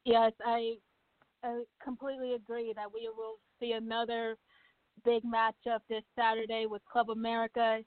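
A woman guest on a soccer radio show, giving measured, detailed analysis. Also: on the high side, completely flat delivery, no echo. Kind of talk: sports talk radio discussion. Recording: tinny phone-line sound.

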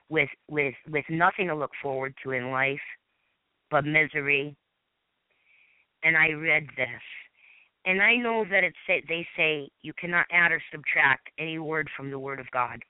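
Woman, from Massachusetts, fervent testimony, halting restarts, phone-line audio, dry sound. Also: low voice, dry recording. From Massachusetts, USA. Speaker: guest panelist. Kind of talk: personal testimony and scripture reading. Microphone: phone call. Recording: tinny phone line on internet radio.

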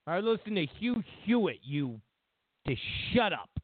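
A man's voice: high voice, big pitch swings, unhurried, dry recording. A man hosting a talk radio show, ranting and mocking in a repetitive way. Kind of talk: talk radio political commentary. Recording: tinny phone line, dry.

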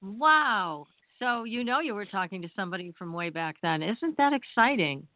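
A woman's voice: medium pitch, expressive, moderate pace, no room sound. A woman hosting an interview, asking questions and reacting with encouraging exclamations. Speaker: interview host. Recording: dry, tinny phone-line sound.

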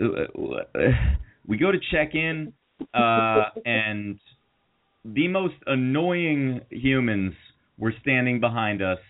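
A man telling a long story in casual chat, rambling with fillers and restarts and mocking the people in it. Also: mid-range voice. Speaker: podcast co-host. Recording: tinny phone-like audio.

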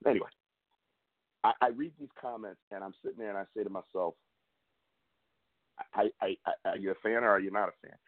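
A young man hosting his own sports show, venting in a fired-up, repetitive way with big jumps in pitch. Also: husky. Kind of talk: fan rant and commentary. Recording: tinny phone-like audio.

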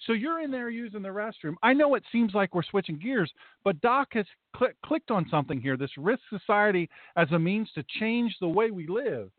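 A man's voice: sits high, lively intonation, moderate pace, no room sound. Emphatic male talk host on a tinny line. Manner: emphatic rambling storyteller. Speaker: talk show host and pastor. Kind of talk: talk radio chat. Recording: tinny phone-like line, dry.

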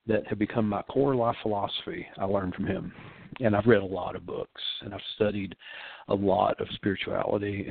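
An older man preaches in a low, gravelly voice, earnest and insistent, circling back to repeat his key phrases. He speaks as a pastor giving a radio talk. The sound is thin and phone-like, with no room around it. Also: no room sound. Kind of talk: spoken sermon-style radio talk. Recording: phone-like dry line.

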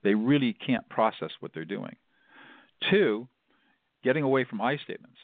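A man's voice: medium pitch, normal speed, no room sound. A man, a mediator being interviewed, explaining his method emphatically and often repeating words as he stresses a point. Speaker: mediator guest. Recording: dry, tinny phone-like line.

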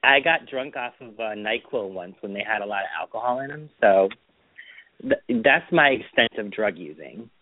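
Talking about his weekend on a Boston podcast he co-hosts, this man plays a chatty storyteller who quotes people in put-on voices. He speaks at normal speed in a fairly low voice with lively intonation, and the phone-line audio is dry with no echo.

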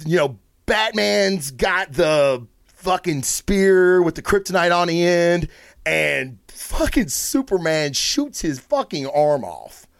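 Excitable, swearing man reviewing comics. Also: sits high, takes it slowly, vocal fry, no room sound, clean studio sound. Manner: excitable, rambling, swears freely. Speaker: host of a comic book review show. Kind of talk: casual solo review talk.

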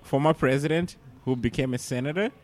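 A man from Zimbabwe with a Zimbabwean accent, co-hosting a casual podcast chat and talking haltingly, with lots of fillers. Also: mid-range voice. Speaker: co-host.

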